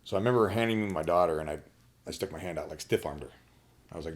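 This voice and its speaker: A man as a podcast guest, candidly telling a personal story in a blunt, profane way, halting and restarting often. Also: low voice.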